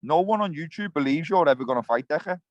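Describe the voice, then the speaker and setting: A higher-pitched young man who talks with blunt, profane, straight-talking force. His voice is close and dry, with no room sound around it. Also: expressive, fast talker, no room sound, lo-fi sound. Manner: blunt, swearing straight talker. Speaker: interview guest. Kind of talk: heated interview rant. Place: outdoors by water, fishing.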